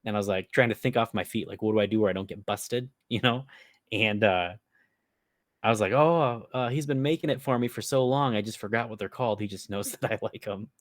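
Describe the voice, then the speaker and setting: A podcast co-host with an Upper Midwest American accent rambles through a long prank story, swearing freely and laughing as he tells it. His voice is fairly low and brisk, captured in a dry, studio-quality recording.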